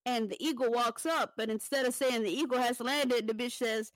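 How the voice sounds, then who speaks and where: A woman with a fairly high voice tells casual stories on a podcast, animated and profane, laughing often. Her voice sits close and dry on the mic. She talks like she is chatting with friends. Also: moderate pace, no echo. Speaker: podcast host. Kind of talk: casual storytelling chat.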